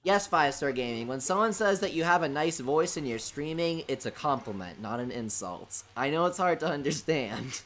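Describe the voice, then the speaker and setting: A man's voice: a little high, moderate pace, few pauses. A young man hosting a live stream from home, reading viewer comments aloud and answering them with sarcastic jokes. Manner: sarcastic, animated and joking. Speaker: livestream host.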